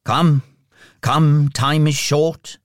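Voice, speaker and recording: A man voicing a calm, gentle male ghost who speaks in a measured way in a storybook reading. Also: fairly high pitch, no echo, studio quality.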